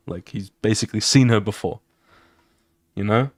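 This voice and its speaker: A young man streaming while he draws, casually talking through his comic's scenes in an excited, swear-filled way and acting them out with sound effects. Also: on the low side, moderate pace, dry recording, clean studio sound. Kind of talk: casual live-stream chat while drawing.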